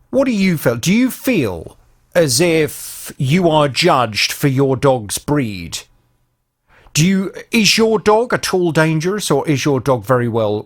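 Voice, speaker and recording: A man hosting a radio phone-in show, talking directly to listeners in a conversational way. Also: medium pitch.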